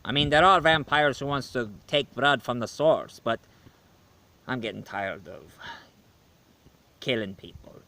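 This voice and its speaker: A man playing Dracula, a male vampire who is tired of killing, giving a slow, rambling video game review in character. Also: mid-range voice, bright, forceful tone. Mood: weary. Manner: slow, rambling, self-correcting.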